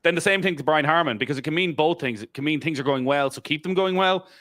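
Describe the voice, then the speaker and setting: A man's voice: on the high side, quick pace, a bit bright, dry recording, studio quality. A man on a golf podcast panel chatting casually and telling stories from the course. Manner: chatty storyteller, mimics crowd voices.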